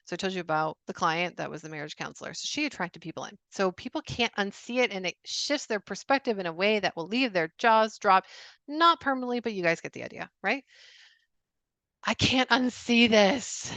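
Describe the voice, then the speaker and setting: An energetic woman coaches a group through a sales webinar, leaning hard on key words and repeating them for emphasis. Her voice sits at an ordinary pitch for a woman. The sound is dry and close, with no room around it. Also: fast, no echo. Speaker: business coach.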